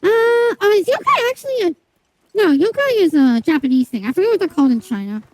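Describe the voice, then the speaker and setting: A young woman talks to viewers as she plays a game live, rambling and swearing heavily amid many fillers and restarts. Her voice is extremely high with big pitch swings and a fairly quick pace. The recording has no echo but is rough.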